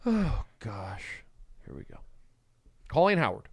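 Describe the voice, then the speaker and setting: Brief: male livestream host, erratic, lively pitch, dry close phone sound, talks to viewers. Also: slow pace, husky, dry recording. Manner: erratic, swings between shouting and mumbling. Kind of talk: rambling solo livestream chat.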